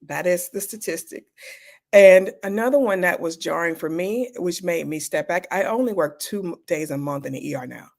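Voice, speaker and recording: Speaking at a moderate pace with noticeable vocal fry, a woman with a fairly low voice recounts frank stories as an interview guest. She's in her fifties, an emergency doctor and speaker, and her manner is conversational with dry humor.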